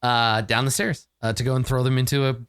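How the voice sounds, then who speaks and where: A man's voice: medium pitch, level tone, fairly quick, fairly bright tone, clean tone, no room sound. A man running a tabletop game, narrating loosely with plenty of fillers. His voice sits mid-range and is recorded close and dry. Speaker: game master.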